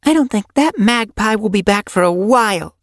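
High-pitched eager kitten boy, bold and restless, boastful audiobook voice, dry close sound. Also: animated, moderate pace, a bit bright, no echo.

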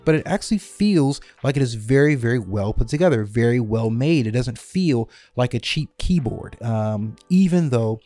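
A man's voice: medium pitch, expressive, moderate pace, hardly any pauses, mellow, dry recording, soft background music. A man talking casually through a detailed product comparison, repeating numbers for emphasis. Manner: conversational, repeats figures for emphasis. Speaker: keyboard reviewer.

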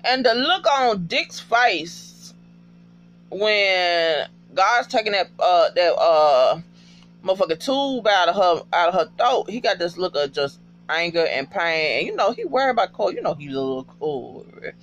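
A man with a high, lively voice gives a casual video recap of a TV episode. His pitch leaps all over as he tells it. He talks in a profane, emotional, animated way. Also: unhurried, lo-fi sound.

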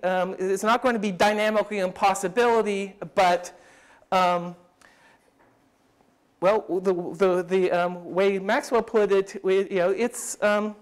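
A man giving an academic lecture at a summer school, thinking aloud with frequent restarts and speeding through quoted passages. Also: sits high.

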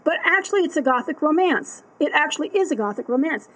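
A woman's voice: high-pitched, expressive, fast talker, fairly bright tone, low-quality recording. A woman vlogging at home at night, chatting to her camera in a rambling way with many fillers and restarts. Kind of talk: casual rambling monologue to camera. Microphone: camera that tracks her.

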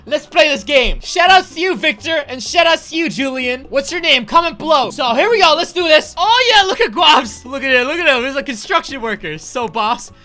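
A man hosting a gaming video, hyped and joking with loud bursts of excitement. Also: very high voice, fairly quick, few pauses, faint music behind. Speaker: gaming YouTuber host. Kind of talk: excited let's-play commentary.

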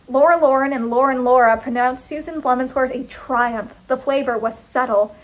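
A woman author reading her own first-person short story in a clipped, deliberate delivery. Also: sits high, fairly even intonation, rough recording.

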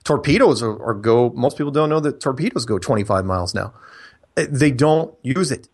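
An emphatic man hosting a call-in talk show. He hammers his points home by repeating them, in a plain mid-pitched voice. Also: animated, fairly quick, darkish tone, slightly rough. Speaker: radio show host.

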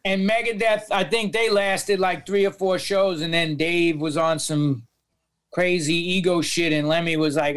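A man with a New York accent telling profane, animated stories as a podcast guest, acting out the voices of people he quotes. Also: a little high, moderate pace, smooth. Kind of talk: storytelling in a podcast interview.

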